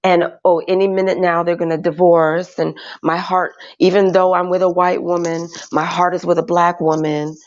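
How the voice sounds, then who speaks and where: Brief: low, gravelly-voiced woman, slow and hesitant panel guest, dull lo-fi audio. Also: little pitch movement. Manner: hesitant, halting with many fillers. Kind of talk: casual chat.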